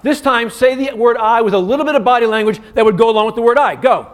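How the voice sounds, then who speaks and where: A man giving an interactive keynote as a communication coach, energetic and firing quick commands at the audience. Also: very high-pitched. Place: conference stage in a large hotel venue.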